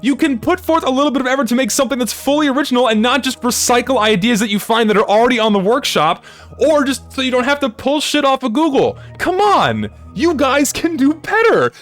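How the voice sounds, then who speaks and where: A man with a high, swooping voice delivers a game review as a blunt, profanity-laced rant. His delivery is emphatic and lively throughout, with faint music playing quietly behind him. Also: fairly quick. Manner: blunt, heavy swearing, emphatic. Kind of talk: ranting review commentary.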